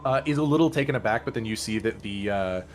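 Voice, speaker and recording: A man on the low side of the range runs a fantasy tabletop session, describing the scene in loose, casual speech. Gentle background music plays clearly behind him. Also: quick pace. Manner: casual, with many fillers and restarts. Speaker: game master. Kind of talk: narrating a tabletop game.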